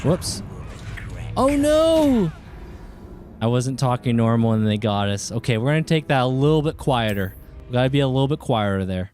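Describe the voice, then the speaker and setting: A man streaming a game live, chatting casually with viewers and reacting with excited outbursts. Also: medium pitch, fast.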